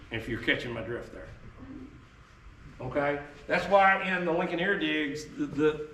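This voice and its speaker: Man, folksy joking history presenter, slightly high voice, recorded from a distance. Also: a bit bright, a little hiss or hum. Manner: folksy, joking, tangent-prone storyteller. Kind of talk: casual teaching talk to an audience. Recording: echoey room, mic far off, faint ambience.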